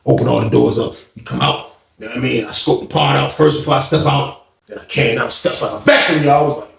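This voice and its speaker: A man's voice: medium pitch, quick pace, gravelly, echoey room. A man telling a story in a casual, slangy way, acting out the people he quotes. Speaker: storyteller, channel host.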